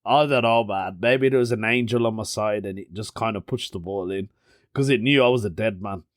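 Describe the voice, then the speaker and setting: A man's voice: lowish voice, a little fast, no room sound. Chatty man, dry close sound. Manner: chatty storyteller, laughs often, British slang like "innit". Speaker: podcast host. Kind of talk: casual solo podcast chat.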